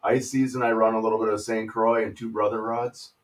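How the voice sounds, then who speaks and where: Low-voiced guide, brief easygoing answers. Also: male voice, little pitch movement, a little fast, poor audio. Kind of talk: casual live-stream chat.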